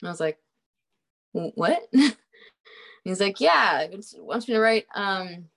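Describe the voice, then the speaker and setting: Animated young woman telling a story. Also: medium pitch, takes it slowly, creaky. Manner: animated, laughing, many fillers, swears freely. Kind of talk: casual storytelling chat.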